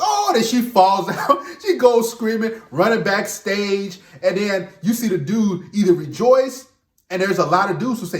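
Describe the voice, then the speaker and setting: A man's voice: high voice, very animated, moderate pace. A man talking straight to viewers in an emphatic casual monologue, often repeating words as he restarts. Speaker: relationship commentator and host. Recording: echoey room.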